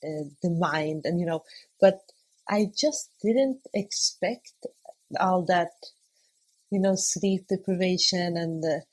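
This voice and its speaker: A young woman, a podcast guest, talking casually and hesitantly, often searching for words and laughing softly between thoughts. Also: fairly low pitch, takes it slowly. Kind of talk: casual conversation.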